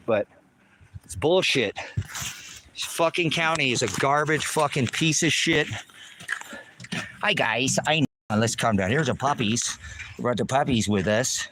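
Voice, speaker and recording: A man's voice: mid-range voice, expressive, moderate pace, long pauses, sharp tone, a little hiss or hum. A man ranting angrily on a live stream outdoors, swearing heavily and repeating himself, recorded on a handheld phone. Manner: heavy swearing, repetitive and agitated. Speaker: livestreamer. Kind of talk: angry live-stream rant.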